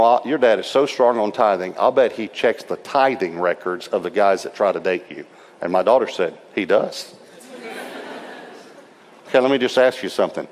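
Low-voiced man preaching in a reverberant hall. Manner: humorous, animated storytelling with quoted voices. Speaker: pastor. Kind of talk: sermon storytelling.

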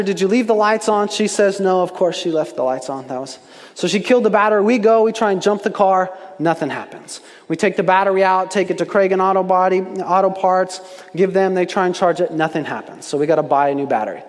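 A pastor with a high voice delivers a sermon in a reverberant hall. He tells stories animatedly and acts out the voices he quotes.

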